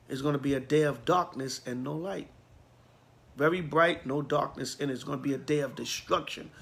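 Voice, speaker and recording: A man preaching in a Bible class, blunt and fiery, slipping into slang and wandering off on tangents. His voice sits high and comes out bright and forceful. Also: fairly quick, creaky. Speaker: priest.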